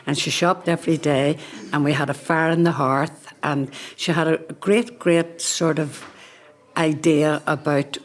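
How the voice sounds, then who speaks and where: An older woman with a Belfast accent who reminisces about home in a gentle, reflective way, often softening with small hedges. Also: low voice, fairly even intonation, measured pace. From North Belfast. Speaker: carer sharing memories. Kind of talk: reminiscing on a podcast.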